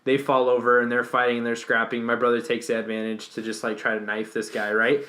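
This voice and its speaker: A man's voice: medium pitch, completely flat delivery, quick pace, bright, forceful tone. A young man casually telling a long story on a podcast, rambling and swearing, with lots of fillers and restarts. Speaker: podcast guest.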